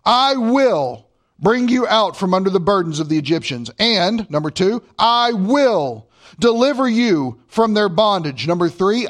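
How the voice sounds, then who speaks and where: Guy preaching, really high voice, slows right down on the verses. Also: big pitch swings. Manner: emphatic, slows way down to read scripture. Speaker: pastor. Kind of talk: sermon.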